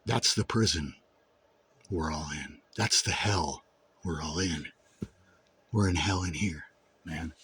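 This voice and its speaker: A man giving a raw personal monologue to camera, intense and full of swearing, dropping low and brooding, then rising to shouts. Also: takes it slowly, long pauses, a little hiss or hum. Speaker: vlogger.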